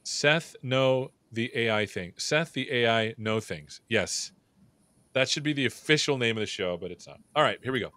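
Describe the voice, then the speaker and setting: With a lowish, pushed and bright voice that runs a little fast, the host of a live tech show banters and jokes with his guest before the intro and as it plays. The sound is dry, with no echo.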